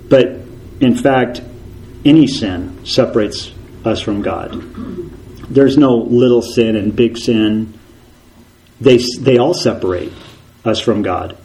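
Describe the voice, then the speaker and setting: A male preacher in full sermon mode keeps his delivery animated. He fires off rhetorical questions and slips into acted voices for the figures he quotes. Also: medium pitch, takes it slowly, long pauses, slight background noise, poor audio.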